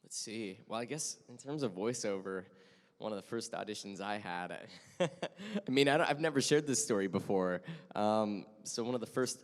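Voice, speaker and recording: A man's voice: lowish voice, animated, moderate pace. A man speaking as a voice-acting panelist, chatty and detailed with many fillers, in casual convention talk. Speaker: panelist voice actor. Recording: echoey convention hall.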